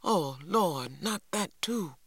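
A man voicing a pious, worried old grandmother in a raised, slow voice. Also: sits high, animated, fairly bright tone, husky, no echo, studio quality, voice pushed up, full character voice.

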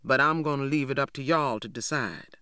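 A man voicing a large, stern, quiet older farmhand who speaks slowly and low, as a storybook reader. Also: clear, resonant tone, no room sound, studio quality, natural voice. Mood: stern calm. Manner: slow, low and measured.

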